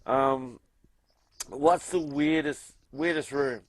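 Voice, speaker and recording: A man's voice: medium pitch, takes it slowly. A man hosting a casual interview, laid-back and asking short questions. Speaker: podcast host.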